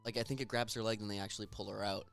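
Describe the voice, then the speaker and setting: A man's voice: on the low side, fairly even intonation, racing, gravelly, a bit bright, soft background music. A young adult man hosting a podcast, chatting casually and animatedly about films, joking and retelling scenes. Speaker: podcast host. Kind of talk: casual chat.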